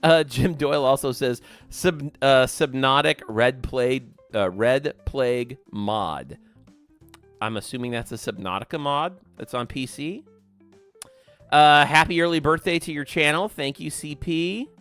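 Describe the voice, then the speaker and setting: Male game streamer, chatty and upbeat, bright forceful tone, light music playing underneath. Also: mid-range voice, moderate pace. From American South. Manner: chatty, upbeat, thanks viewers by name. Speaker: livestream gaming host. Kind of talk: casual livestream chat reading viewer comments.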